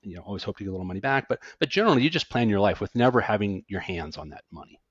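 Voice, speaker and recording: A man's voice: fairly low pitch, rapid-fire, slightly rough, dry recording, dull audio. A middle-aged man, an accountant and podcast guest, talking casually and animatedly, with frequent restarts. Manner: animated, self-deprecating, stammers on restarts.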